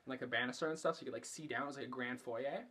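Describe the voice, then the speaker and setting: Husky young man telling a story. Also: medium pitch, racing, pushed and bright. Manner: chatty, profane, filler-heavy. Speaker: vlogger. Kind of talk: casual storytelling.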